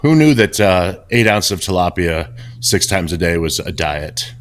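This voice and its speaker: A middle-aged man co-hosting a podcast over a video call, telling blunt stories candidly and with lively restarts. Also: low voice, normal speed. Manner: candid, animated storytelling with restarts. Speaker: podcast co-host. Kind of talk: casual podcast chat.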